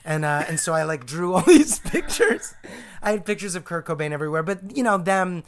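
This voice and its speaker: A man talking as a guest on a comedy game podcast, telling stories in a halting, self-interrupting way. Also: high voice, lively intonation. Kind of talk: casual chat.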